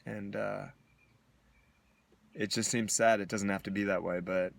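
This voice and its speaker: Deep-voiced man, reflective and halting. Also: steady tone, creaky. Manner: reflective and halting, with many pauses. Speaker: vlogger. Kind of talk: candid personal video diary.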